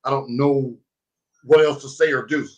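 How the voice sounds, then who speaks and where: A man's voice: medium pitch, dull audio. A man hosting a casual podcast, telling stories animatedly and turning earnest when he consoles a friend. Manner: animated storyteller, bursts into loud laughter, turns slow and earnest when consoling. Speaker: podcast host. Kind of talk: casual chat.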